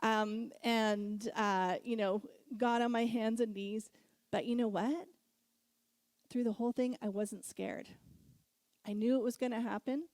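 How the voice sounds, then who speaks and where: A middle-aged woman giving a sermon, telling a personal story with frequent laughter and animated moments. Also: a little high, unhurried, dry recording. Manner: storytelling, laughs often, animated when recounting. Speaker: guest speaker.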